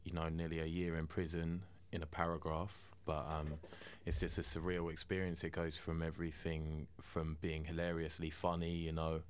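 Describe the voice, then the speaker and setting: A man's voice: a bass voice, completely flat delivery, moderate pace, few pauses, slight background noise. A man who is a guest on a radio show, talking casually and searching for words, with fillers. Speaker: guest, author and former inmate. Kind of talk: radio interview.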